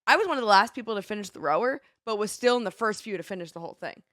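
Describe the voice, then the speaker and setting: A young adult woman co-hosting a podcast, telling stories in an animated casual chat. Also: medium pitch, very fast, no room sound, studio quality. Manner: animated storytelling, shouts quoted cheers. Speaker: podcast co-host.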